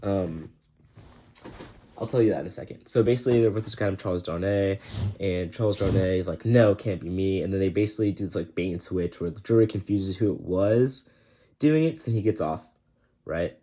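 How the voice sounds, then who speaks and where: A man's voice: sits low, fairly quick, mellow. A young man giving a casual, rambling book review, full of slang and filler words.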